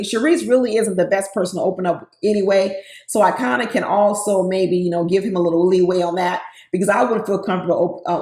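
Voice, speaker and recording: Sassy gravelly-voiced woman recapping TV. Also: mid-range voice, a little mellow. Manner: sassy, talks straight to her viewers. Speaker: reality TV recap commentator. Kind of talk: casual opinionated commentary. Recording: roomy echo.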